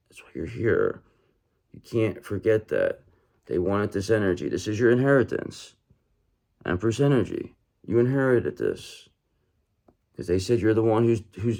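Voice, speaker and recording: This tarot reader addresses his viewers directly, his voice low, creaky, and mellow. He speaks emphatically, repeats himself for effect, and keeps checking in with "okay?" and "brother."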